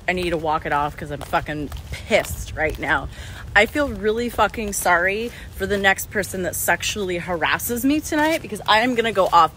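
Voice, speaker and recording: A woman's voice: fairly high pitch, poor audio. A woman vlogging outdoors on a beach, talking heatedly and profanely into a handheld phone camera. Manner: heated, profane, fast ranting. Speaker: travel vlogger. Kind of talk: angry vlog to camera. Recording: loud outdoor background noise.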